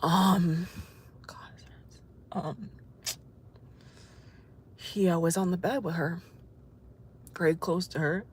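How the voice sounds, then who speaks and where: A woman's voice: fairly low pitch, fairly even intonation, slow, long pauses. A woman vlogger talking tearfully into her phone camera from her car, rambling and repeating herself as she cries. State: crying. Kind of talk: tearful personal vlog while driving. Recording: loud car noise behind.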